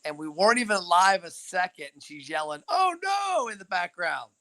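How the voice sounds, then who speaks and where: A man's voice: high-pitched, brisk, sharp tone. A young man hosting a casual live-stream chat from a back-porch hammock, teasing and playful. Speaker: host. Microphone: phone camera.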